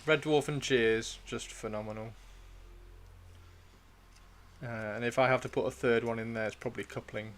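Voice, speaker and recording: A man's voice: mid-range voice, steady tone, brisk, a little hiss or hum. A man chatting casually on a livestream, laughing and encouraging viewers with their sculpting. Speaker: livestream host. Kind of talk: casual livestream chat while sculpting miniatures.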